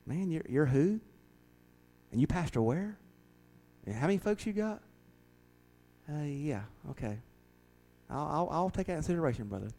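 A man voicing a dismissive high-profile male preacher who stammers polite brush-offs. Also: lively intonation, normal speed, pauses often, mellow.

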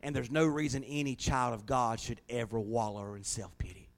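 A middle-aged man preaching a sermon, telling folksy stories that swing from hushed to loud. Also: mid-range voice, steady tone, moderate pace. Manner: folksy storytelling, shifting from hushed to shouting. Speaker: pastor.

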